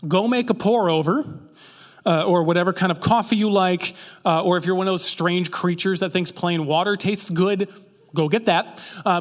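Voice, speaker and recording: High-voiced man preaching casually in a hall. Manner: conversational, acts out quoted characters with jokey voices. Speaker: pastor. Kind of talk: casual sermon. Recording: long reverb of a large hall.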